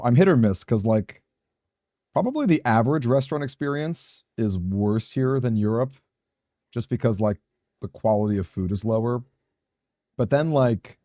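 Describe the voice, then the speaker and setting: Rambling, chatty low-voiced man. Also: a little mellow, dry recording, studio quality. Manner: rambling, chatty, talks to viewers by name; self-deprecating, laughs often. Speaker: streamer. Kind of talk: casual live-stream chat while gaming.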